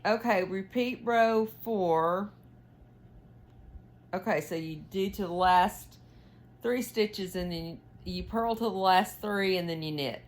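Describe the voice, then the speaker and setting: A tired woman with a mid-range voice talks slowly to her viewers as she knits, yawning now and then. It's a casual knitting vlog, full of fillers and questions.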